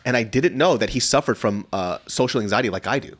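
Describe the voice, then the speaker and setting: A man in his thirties hosting a podcast, telling stories in a casual, animated way, swearing often and laughing a lot. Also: medium pitch, fast. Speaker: podcast host. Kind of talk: casual chat.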